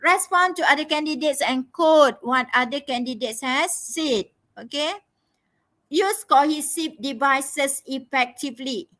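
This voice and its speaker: Lady tutor, high bright voice, keeps saying okay, drilling the same points. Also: a little slow. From Malaysia. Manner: repeats key phrases with frequent "okay?" checks; emphatic, instructive. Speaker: English tutor. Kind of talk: live online tutoring lesson.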